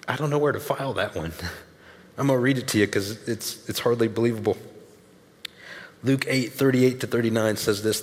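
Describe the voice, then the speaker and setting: A male pastor delivers a sermon in a relaxed, conversational manner, leaning into key points and dropping in casual asides. His mid-pitched voice carries through a large church hall, trailing a long reverb. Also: brisk, pauses often.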